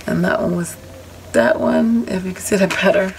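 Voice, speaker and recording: In a home crafting vlog, a woman chats casually while showing off and explaining a haul of craft dies, dropping in apologetic asides. Her voice is fairly low with huge swings in pitch, and she talks at a normal speed. Background noise is audible.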